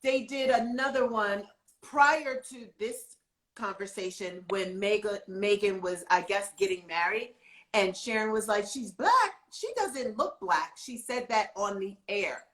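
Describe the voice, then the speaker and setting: A woman co-host talking in a loose, chatty way, recounting what she saw with a lot of animation. Her voice sits at an ordinary middle pitch and carries a noticeable echo, as if she is in a roomy space. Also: steady tone, unhurried, a bit bright. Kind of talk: casual talk show chat.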